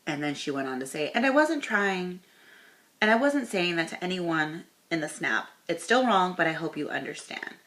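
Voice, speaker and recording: A woman's voice: on the low side, expressive, normal speed, a bit bright. A woman talking straight to camera in a casual commentary vlog, stopping herself to correct course, then reading posts aloud. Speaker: commentary vlogger.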